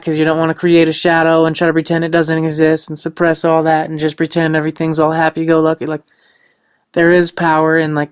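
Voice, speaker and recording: Smooth-voiced man preaching good vibes. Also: a little high, no room sound, studio quality. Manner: loose and rambling, with lots of "like" and "you know"; earnest, upbeat and preachy. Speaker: podcast host. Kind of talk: motivational podcast monologue.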